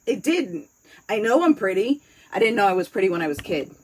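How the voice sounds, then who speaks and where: A woman's voice: medium pitch, lively intonation, fast, darkish tone, poor audio. A woman with a New York accent chatting casually, candid and rambling, swearing freely as she talks. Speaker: host. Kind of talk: casual chat.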